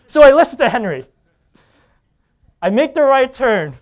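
A man preaching a sermon as pastor, telling a personal story with quoted dialogue and laughter, swinging between loud bursts and hushed lines. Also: very high voice, very animated, measured pace.

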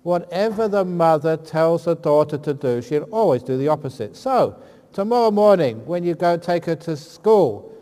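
A man's voice: fairly high pitch, expressive, normal speed, warm tone. Joking monk man in a reverberant hall. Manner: joking, anecdotal storyteller. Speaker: Buddhist monk giving a dharma talk. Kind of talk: humorous talk answering audience questions. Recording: long hall reverb, faint ambient noise.

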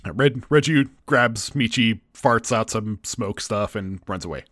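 A man's voice: fairly low pitch, measured pace, a bit bright, no echo, clean studio sound. A man co-hosting a show, recapping episodes in casual chat and acting out quoted lines.

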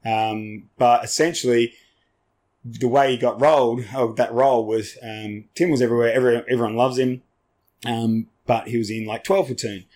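An Australian man, an army veteran and podcast guest, telling a story in a rambling, animated way with lots of ums, restarts and casual swearing. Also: medium pitch, normal speed.

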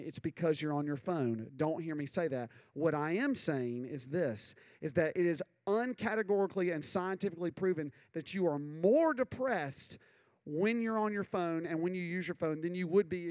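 A man's voice: fairly high pitch, normal speed, no room sound. A young adult man preaching a casual, earnest sermon to young people, often checking in with "okay?" and "right?". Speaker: youth pastor.

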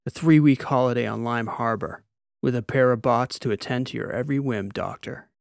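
A sardonic, commanding squad leader in a sci-fi audiobook, read by a male narrator, giving orders in a low, gravelly voice. The sound is close and dry. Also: brisk, no room sound, natural voice. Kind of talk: audiobook character voice.

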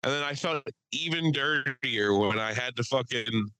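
A man's voice: mid-range voice, pushed and bright, clear, resonant tone, dry recording, rough recording. A man co-hosting a podcast, telling crude jokes and rambling stories in casual chat. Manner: joking, profane storytelling with quick asides. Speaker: podcast co-host.

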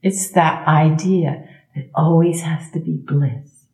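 A middle-aged woman, a sound healer speaking as a guest in a conversational interview, expressive and emphatic, leaning on slow repetitions. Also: sits low, echoey room. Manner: expressive, acts out inner thoughts in quoted voices.

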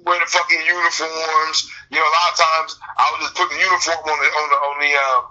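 High-voiced man ranting profanely. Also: quick pace, muffled recording. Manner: profane, animated storytelling. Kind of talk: casual chat.

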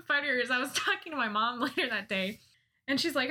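A woman's voice: high-pitched, lively intonation, a little fast, pushed and bright. A woman on a podcast telling funny stories about herself in casual chat, laughing often, self-mocking and swearing now and then. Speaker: podcast co-host.

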